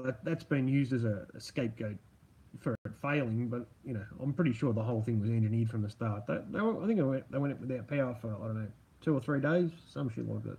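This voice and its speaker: A man's voice: medium pitch, a little mellow, muffled recording. A man hosting a livestream, chatting casually to viewers, swearing freely and rambling with restarts. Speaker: livestream host reading chat. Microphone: computer mic.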